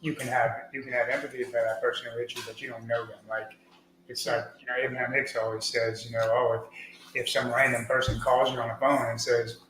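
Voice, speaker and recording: A man's voice: medium pitch, little pitch movement, brisk, a bit bright, reverberant, slight background noise, low-quality recording. A middle-aged man, a podcast guest, talking earnestly in a rambling casual way with many fillers and restarts. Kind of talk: casual conversational interview.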